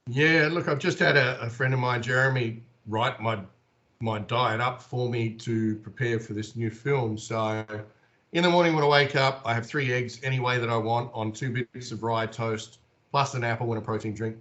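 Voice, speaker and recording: Animated Australian man telling stories. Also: medium pitch, moderate pace, dull audio. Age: 40s. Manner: animated, acts out the voices in his stories. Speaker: interview guest. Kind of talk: casual storytelling in an interview.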